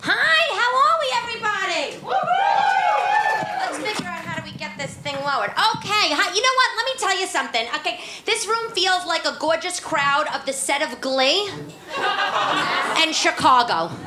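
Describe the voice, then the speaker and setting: A woman doing a loud, brassy New York divorcee who works the crowd in a high, sing-song nasal voice that swoops all over. The sound is live cabaret comedy off a stage, caught in an echoey room with plenty of venue noise. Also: big pitch swings, moderate pace. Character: brash divorced New York single mother. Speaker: stand-up character.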